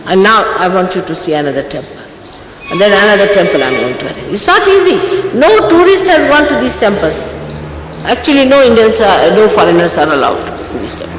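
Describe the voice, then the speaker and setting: A woman's voice: mid-range voice, sing-song, a little fast. A woman in her sixties scolding her followers as their spiritual teacher, sternly admonishing them with pointed rhetorical questions. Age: 60s. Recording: echoey hall, faint background hiss.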